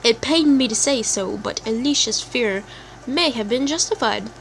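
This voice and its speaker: A woman's voice: fairly high pitch, animated, moderate pace, gravelly, a little hiss or hum. A woman playing a story game, reading its text aloud and chatting with giggly side comments. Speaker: let's play gamer.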